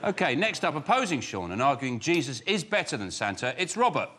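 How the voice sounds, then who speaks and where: A man's voice: on the high side, very animated, fairly quick. A man hosting a comedy panel show, teasing and bantering with the audience. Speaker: show host. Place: studio with live audience. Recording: loud laughing crowd, noisy.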